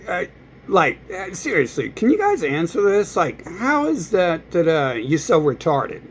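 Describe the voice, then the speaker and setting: A man's voice: high voice, huge pitch swings, unhurried, slight background noise, poor audio. A man in a crude, rambling rant, full of fillers and curses. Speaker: vlogger.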